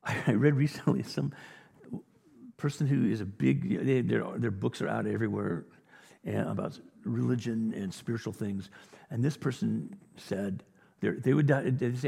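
Gravelly, earnest preacher in a reverberant hall. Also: male voice, mid-range voice, moderate pace, dark tone. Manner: earnest, conversational preaching with emphatic rises. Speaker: pastor. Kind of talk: sermon. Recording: reverberant hall, audio recording.

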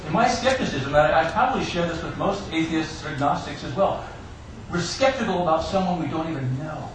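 Guy preaching, kinda high voice, storytelling w little jokes, far off mic in a big echoey church, some hiss. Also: expressive, a little fast. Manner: personal storytelling with joking asides. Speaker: pastor. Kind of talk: Easter sermon. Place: church sanctuary.

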